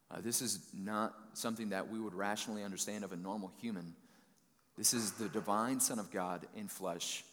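Casual preacher in a reverberant hall. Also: male voice, fairly low pitch. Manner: conversational, folksy paraphrasing of scripture. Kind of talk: sermon.

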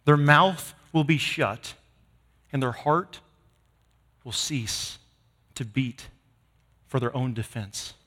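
A man preaching a sermon to his congregation, emphatic, swinging from loud declarations to hushed lines. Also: medium pitch, takes it slowly, long pauses. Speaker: pastor. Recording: long hall reverb.

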